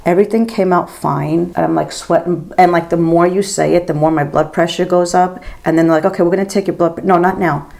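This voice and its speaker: A woman in her fifties tells a long, rambling story straight to the camera while she does her makeup, leaning on "girl" and "like" the whole way. Her voice sits low with a gravelly fry. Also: darkish tone. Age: 50s. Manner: gossipy, rambling, says girl and like a lot. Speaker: makeup vlogger and nurse. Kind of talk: casual chatty storytelling while doing makeup.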